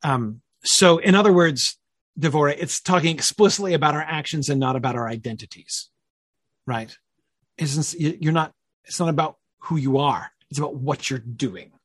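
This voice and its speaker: A man's voice: fairly high pitch, normal speed, a bit bright, slightly rough, no echo, clean studio sound. A man leading a conversational Bible study, thinking aloud with many fillers and checking questions.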